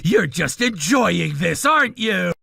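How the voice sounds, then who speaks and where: A woman voicing an arrogant young male designer who shouts and whines defensively in an animated story. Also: on the low side, takes it slowly, creaky, husky, dry recording, clean studio sound, heavily acted. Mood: desperate.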